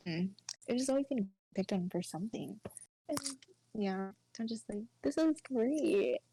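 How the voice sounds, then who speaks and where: A woman's voice: medium pitch, expressive, moderate pace, mellow, slight background noise, rough recording. A young woman co-hosting a podcast, telling a personal story in a chatty, filler-heavy way and often sinking to a near-whisper. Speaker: podcast co-host.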